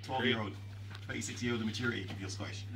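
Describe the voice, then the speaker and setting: A man's voice: mid-range voice, fairly even intonation, very fast, gravelly. A man hosting a rum tasting in a busy bar, joking, laughing often and bantering with the audience. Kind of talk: jokey live presentation. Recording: noisy bar crowd, mic at a distance.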